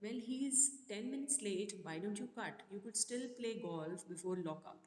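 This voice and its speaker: A woman's voice: medium pitch, animated, moderate pace, darkish tone, slight background noise, natural voice. A curious, teasing schoolmaster, read by a woman. The lines ring through an echoey classroom with long reverb.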